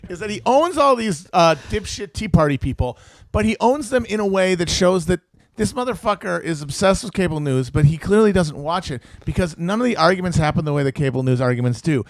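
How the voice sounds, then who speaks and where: Man, high gravelly voice, very lively pitch, profane mocking podcast rant. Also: brisk, dry recording. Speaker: podcast co-host. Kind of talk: casual comedic chat.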